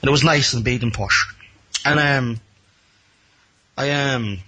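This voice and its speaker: A man's voice: mid-range voice, measured pace, sharp tone, husky. A man with a Geordie accent telling a rambling, self-mocking story as a caller on a radio show, acting out the other people in it. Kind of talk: casual anecdote on a radio phone-in.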